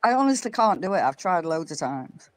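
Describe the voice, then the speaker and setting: A woman's voice: on the low side, big pitch swings, fairly quick. A woman from England with a South Yorkshire accent, a guest chatting casually on a live panel and teasing the others. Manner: laughing, teasing banter. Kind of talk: casual chat.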